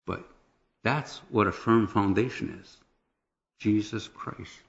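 A man telling a personal testimony as a lively story, often chuckling and checking in with "right?" and "okay?". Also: lowish voice, slow, vocal fry, muffled recording.

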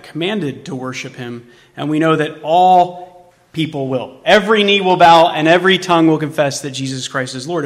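Preaching in a church sanctuary, a pastor fires rhetorical questions at his congregation and alternates between hushed asides and forceful emphasis. His voice is bright and somewhat high for a man, and each phrase lingers in the hall's long reverb.

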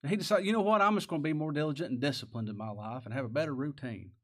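A pastor with a highish voice preaches in rapid-fire, folksy, plain-spoken fashion, reading scripture aloud and firing rhetorical questions at the congregation.

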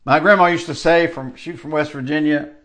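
A man's voice: a little high, fairly even intonation, fairly quick, a bit bright. An older man preaching a sermon in a conversational, storytelling way, stretching out key phrases for emphasis.

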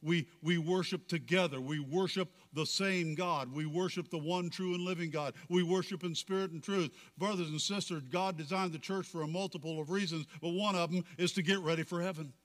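A man's voice: on the high side, fairly even intonation, brisk, hardly any pauses, big-room sound. A man preaching a sermon, reading scripture aloud with rising fervor. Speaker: pastor.

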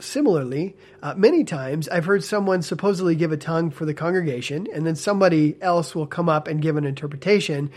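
Animated man with a higher voice. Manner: animated, frequent tag questions like "okay?" and "right?"; talks with a smile, amused and earnest. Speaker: ex-church member commentator. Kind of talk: casual spoken commentary.

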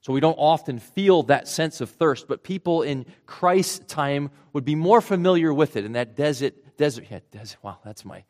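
A man's voice: fairly high pitch, lively intonation, normal speed, hardly any pauses, darkish tone. A man with a Rhode Island accent delivers a sermon. He keeps it conversational, breaking each idea down step by step and adding asides along the way. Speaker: pastor.

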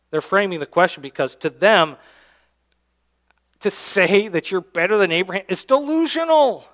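A man, the church's pastor, preaching a sermon and reading scripture aloud, swinging between loud emphatic lines and quiet low endings. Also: expressive, moderate pace. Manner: reads scripture aloud in King James wording. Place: church sanctuary.

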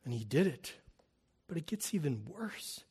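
A man preaching a sermon, swinging from hushed, quiet stretches to loud, impassioned appeals. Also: a little high, sing-song, a little slow, slightly rough. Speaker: pastor.

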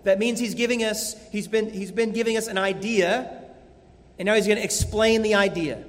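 A man's voice: sits high, steady tone, moderate pace. A man preaching a sermon as a pastor, earnest and emphatic, repeating key phrases. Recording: long hall reverb.

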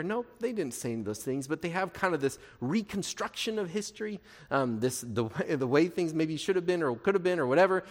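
With a voice on the high side and a moderate pace, this man preaches a sermon as a pastor. His style is conversational and animated, built around rhetorical questions, and the recording carries the long reverb of a large, echoing hall.

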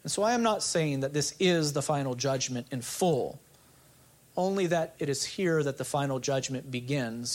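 A male pastor preaching an expository sermon, earnest, asking the congregation rhetorical questions. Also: a little high.

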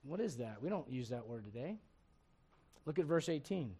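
High-voiced animated male preacher. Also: normal speed, pauses often, breathy edge. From raised in a Spanish-speaking home. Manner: animated, rising and loud on emphatic points, reads scripture aloud. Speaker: pastor. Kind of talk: sermon at a midweek Bible study.

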